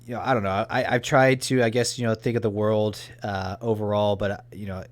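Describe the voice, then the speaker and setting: A man co-hosting a podcast, talking in a halting way with many restarts. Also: on the low side, flat delivery, no echo. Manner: halting, full of restarts and fillers. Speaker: podcast co-host. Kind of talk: casual chat.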